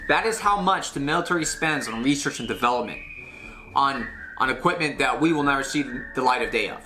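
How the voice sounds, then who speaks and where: Excitable sarcastic man hosting a comedy bit. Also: mid-range voice, fairly quick, slight background noise. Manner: sarcastic, excitable, swings loud and soft. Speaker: comedy segment host. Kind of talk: comedic rant. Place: small studio with blue sheet backdrop.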